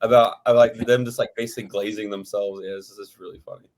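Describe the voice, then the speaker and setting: A man's voice: on the low side, steady tone, fast, darkish tone. A man talking casually as a podcast guest, rambling with many fillers. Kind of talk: casual chat.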